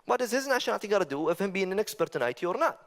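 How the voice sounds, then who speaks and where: A man giving a stage talk with stand-up humor, talking conversationally, asking the audience rhetorical questions and making animated asides. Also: sits high, racing. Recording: long reverb of a large hall.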